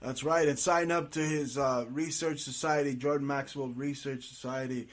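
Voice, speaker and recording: A man's voice: mid-range voice, fairly even intonation, moderate pace. A man hosting an interview, talking eagerly with lots of restarts and stammers. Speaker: interview host. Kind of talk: conversational interview.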